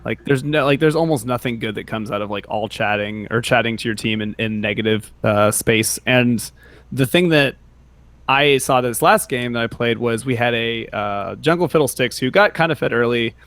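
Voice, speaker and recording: A man's voice: medium pitch, moderate pace, fairly bright tone, no room sound. A man co-hosting a gaming podcast in a tired, worn-out voice, rambling with lots of fillers. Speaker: podcast co-host. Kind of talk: casual podcast chat.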